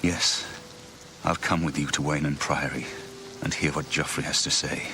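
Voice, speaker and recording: An actor playing a weary, doubting young priest in a video game, speaking with a quiet, gritty, trembling voice. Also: male voice, very deep voice, fairly even intonation, normal speed, background noise. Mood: resolved. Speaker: game character.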